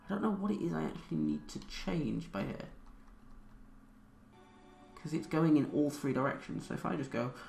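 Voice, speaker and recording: A man's voice: on the high side, lively intonation, moderate pace, creaky, long pauses, darkish tone, reverberant, soft background music. A young man playing a space game, thinking aloud with many fillers and reading the tutorial text aloud. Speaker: gamer.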